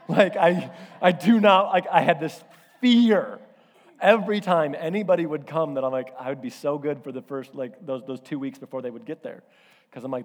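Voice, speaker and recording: A man's voice: a little high, moderate pace. A man preaching a sermon in a conversational, storytelling way, with self-deprecating asides. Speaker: pastor. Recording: reverberant hall.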